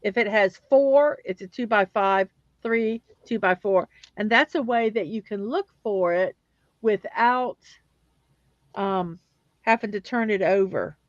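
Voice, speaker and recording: A woman's voice: mid-range voice, measured pace, dry recording, lo-fi sound. A woman hosting a livestream, chatting casually and rambling with fillers and restarts while she builds blocks.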